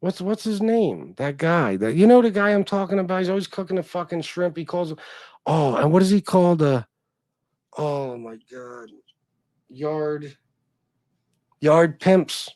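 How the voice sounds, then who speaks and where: A man's voice: a little high, lively intonation, a little slow, pauses often, a little mellow, dry recording. A man hosting a livestream, chatting casually with viewers in a rambling, profane way. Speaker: livestream host. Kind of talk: casual chat.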